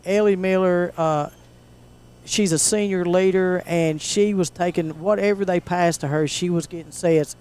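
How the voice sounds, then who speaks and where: A man co-commentating a high school volleyball game, plainspoken and halting with fillers. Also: a little mellow, clean tone. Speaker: sports co-commentator.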